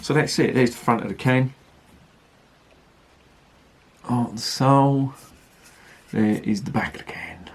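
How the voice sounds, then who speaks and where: A man's voice: fairly low pitch, fairly quick, few pauses, noisy background. A man reviewing beer in a rambling, chatty and sweary way. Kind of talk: casual review chat.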